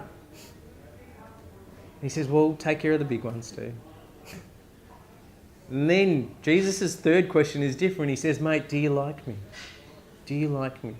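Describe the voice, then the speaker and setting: A man with an Australian accent preaching a casual, joking sermon at a live chapel service, often tossing in a quick "right?" to the crowd. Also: fairly high pitch, darkish tone. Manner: conversational, joking, frequent "right?" asides. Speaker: pastor.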